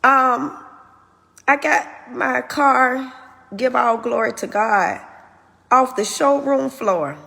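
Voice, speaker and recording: A woman's voice: high voice, slow pace, creaky, pauses often, sharp tone, long reverb tail. A woman hosting her own show, candidly telling a personal testimony in an earnest, open way. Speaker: host.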